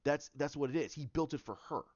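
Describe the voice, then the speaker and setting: A man giving a ranting commentary, animated and repetitive, often restarting his sentences. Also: a little high, quick pace, no room sound, highs cut off. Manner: animated, repeats himself, many restarts.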